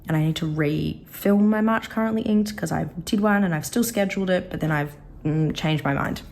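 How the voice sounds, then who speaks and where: A woman with a slightly rough, coughing throat, chatting casually as she reviews a pen. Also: lowish voice, moderate pace. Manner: chatty, rambling, softly admiring. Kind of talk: casual product review vlog.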